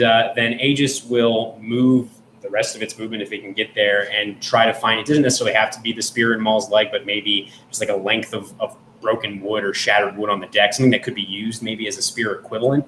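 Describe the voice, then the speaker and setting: A man's voice: lowish voice, fairly even intonation, a little fast, fairly bright tone. A man playing a tabletop game, describing his turn casually and rambling with many fillers. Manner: rambling with frequent fillers and restarts. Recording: roomy with faint background noise.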